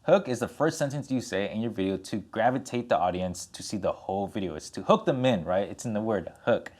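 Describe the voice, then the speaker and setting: Young man, slightly low voice, upbeat on-camera coaching, lively emphasis, talks with his hands. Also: a little fast. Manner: energetic, gestures with hands while talking; animated, plays with his tone for emphasis. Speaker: content coach. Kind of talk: direct-to-camera tutorial.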